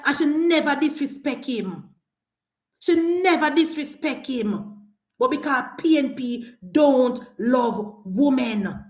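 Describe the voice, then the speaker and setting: A woman's voice: high voice, roomy sound. Jamaican woman in a scolding political rant. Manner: scolding, emphatic, repeats her attacks. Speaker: political commentator.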